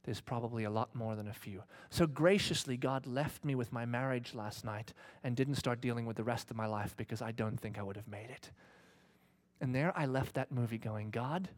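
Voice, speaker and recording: A middle-aged male pastor preaching a sermon and retelling a story dramatically, dropping to hushed whispers and rising to loud shouts. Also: mid-range voice, normal speed.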